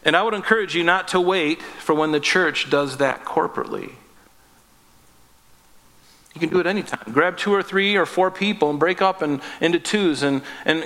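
Bright-voiced pastor in an echoey hall. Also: male voice, on the high side. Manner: conversational, acts out short dialogues, self-deprecating humor. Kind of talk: sermon. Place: church sanctuary.

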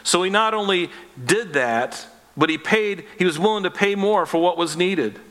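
In a hall with long reverb, a pastor preaches at normal speed, his voice sitting high and a bit bright. His delivery is earnest and conversational, and he acts out small voices while telling the story.

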